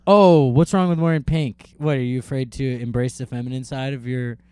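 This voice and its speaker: A man's voice: mid-range voice, steady tone, a little fast, dark tone, smooth, no room sound. A man co-hosting a podcast in easy casual chat, rambling through stories with plenty of fillers and jokes at his own expense. His voice sits in a middle register and is recorded close and dry, with no room sound at all. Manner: rambling, self-deprecating storytelling. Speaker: podcast co-host.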